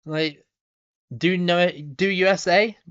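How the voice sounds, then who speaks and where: A man's voice: high-pitched, slow pace, smooth. Chatty Somerset man streaming, lo-fi sound. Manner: relaxed, chatty, frequent ums and repeated starts, laughs easily. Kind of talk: casual live-stream chat reading viewer comments.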